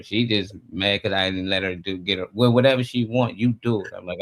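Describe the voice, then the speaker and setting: A man's voice: deep voice, fairly even intonation, quick pace, few pauses, a bit bright. A middle-aged man co-hosting a casual talk show, speaking in a blunt, laid-back way. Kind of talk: casual chat.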